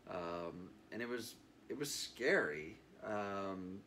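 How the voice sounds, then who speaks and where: A man's voice: deep voice, lively intonation, slow, pushed and bright, slight background noise. A man in his thirties, a guest in an interview, telling his story in an earnest, reflective way with many fillers. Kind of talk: candid interview.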